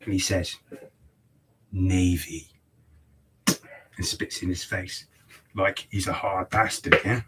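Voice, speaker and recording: A man's voice: low-pitched, steady tone, unhurried, very noisy. A man who works as a barber, chatting casually with a customer in his shop and telling a long story full of swearing. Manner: swears freely, rambling storyteller. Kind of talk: casual chat, telling a story while cutting hair.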